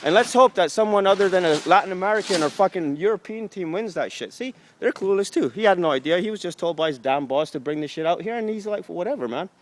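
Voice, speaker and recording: A man's voice: high voice, lively intonation, fast talker, hardly any pauses, a little hiss or hum. A man vlogging outdoors on a residential street, ranting angrily with heavy swearing and sarcasm into a handheld camera. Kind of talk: profane ranting street vlog.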